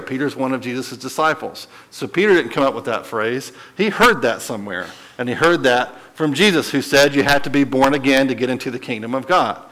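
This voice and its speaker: A man's voice: mid-range voice, poor audio. A man teaching a Bible study in a casual, conversational way, often checking in with his listeners and lifting his voice to stress a point. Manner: animated, voice lifts when stressing a point.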